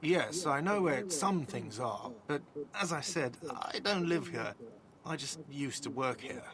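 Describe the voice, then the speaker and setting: A whiny cafeteria manager. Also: male voice, a little high, lively intonation, measured pace. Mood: defensive. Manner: petulant and defensive. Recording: game audio over a crowd murmur.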